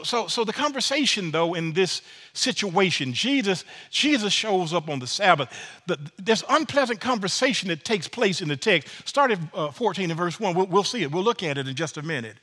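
A man preaching a sermon in a folksy, animated way, often repeating words as he builds his point. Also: high-pitched. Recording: long reverb of a large room.

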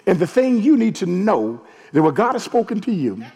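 A man, a hoarse pastor preaching a sermon and calling out to his congregation, rising to shouts. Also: sits high, big pitch swings, normal speed. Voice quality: gravelly, husky. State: hoarse from allergies. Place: large church sanctuary. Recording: long echo of a large church hall.

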